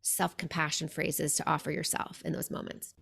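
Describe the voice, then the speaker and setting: A woman hosting a podcast talks in a gentle, reflective way and scatters "like" through her sentences. Her voice sits a little low and has a gravelly fry. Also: little pitch movement, moderate pace. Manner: reflective, gentle, many "like" fillers. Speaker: podcast host. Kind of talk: conversational interview.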